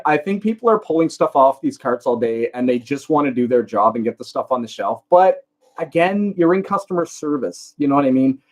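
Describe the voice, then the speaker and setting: A Canadian man chatting casually on a live stream, telling rambling stories with lots of fillers. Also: medium pitch. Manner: rambling anecdotes with many fillers. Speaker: reseller vlogger answering live chat.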